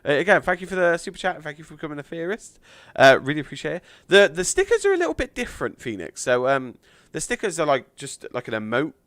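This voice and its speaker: A man chatting on a live game stream, thanking donors with lots of fillers, a little hoarse from losing his voice. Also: fairly high pitch, big pitch swings, fast talker, hardly any pauses, a bit bright, no room sound.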